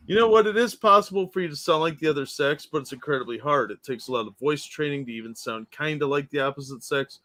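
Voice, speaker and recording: A man's voice: fairly high pitch, fast talker, few pauses, bright, forceful tone. A man co-hosting a casual political chat stream, mostly agreeing with short replies and thanking chat. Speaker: co-host.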